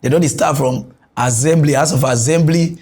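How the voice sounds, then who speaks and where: Male comic host, Nigerian Pidgin accent, high-pitched, animated satirical rant. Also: moderate pace. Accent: Nigerian Pidgin English. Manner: animated ranting, switching between loud outbursts and low mutters. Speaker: comedy news host. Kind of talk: satirical comedy monologue.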